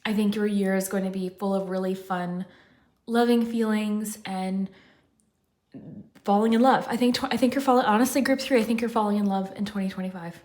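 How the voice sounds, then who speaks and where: A woman's voice: medium pitch, fairly even intonation, fairly quick, darkish tone. A woman giving a casual pick-a-card tarot reading, out of breath and rambling with lots of fillers. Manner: chatty, rambling, many "like" fillers. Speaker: tarot reader.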